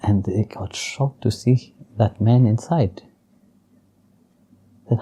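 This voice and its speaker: A low-pitched man with a mellow, dark voice, gently telling spiritual stories in an interview. His phrasing is simple and non-native, and he chuckles softly now and then. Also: slow pace, long pauses, slightly rough. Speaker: spiritual teacher. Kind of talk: storytelling and spiritual teaching in an interview.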